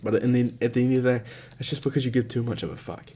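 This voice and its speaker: A man's voice: mid-range voice, racing, mellow, slightly rough. A young man recording a casual spoken journal, rambling and self-reflective, with lots of swearing and slang. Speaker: vlogger.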